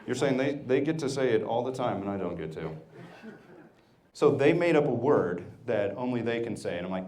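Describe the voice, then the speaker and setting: A man performing a stand-up comedy set on a club stage, telling stories and quoting people in an animated way. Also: medium pitch, a little fast, a little hiss or hum.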